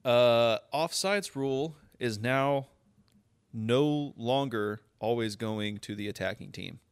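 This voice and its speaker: A man's voice: medium pitch, slow pace, smooth, dry recording. Young man, podcast co-host, casual sports talk, laughs and swears a lot, dry close sound. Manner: laughs often, swears, rises to incredulous outbursts.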